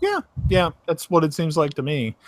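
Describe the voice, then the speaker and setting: A Southern man talks over a video call in a loose, halting way, restarting sentences and filling pauses. His voice sits a touch high and swings lively up and down. The sound is dry and close. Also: dry recording. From Tennessee. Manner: halting, many restarts and fillers, chuckling. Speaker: host. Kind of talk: casual online chat.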